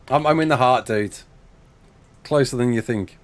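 A man's voice: mid-range voice, moderate pace, pauses often. A young man, from England, streaming a game live, chatting, joking and laughing while reading chat aloud.

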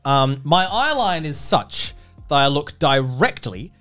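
A man co-hosting a casual podcast, spinning a rambling story. His voice sits a little high and swings all over the place. He laughs readily between his lines. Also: sing-song, slow, fairly bright tone, soft background music. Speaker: podcast co-host.

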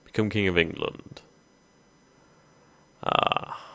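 A man with a low, deep voice commentates on a strategy game as he plays. He thinks aloud casually, pausing often with ums. The sound is dry and close, with no room around it. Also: huge pitch swings, gravelly, bright, forceful tone, no room sound. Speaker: gaming video host. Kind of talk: let's play commentary.

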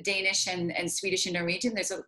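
A woman's voice: lowish voice, flat delivery, quick pace, sharp tone. A woman author asking for help with pronunciation over a video call, chatty and self-deprecating, with frequent hesitations. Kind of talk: casual video call chat.

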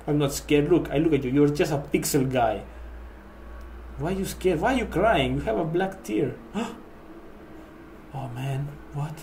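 A man's voice: fairly high pitch, animated, normal speed, a little mellow, a little hiss or hum. Man in a comic vampire persona, echoey. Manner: comic vampire character, broken English, talks to the game. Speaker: let's play gamer in a vampire persona. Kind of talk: horror game commentary.

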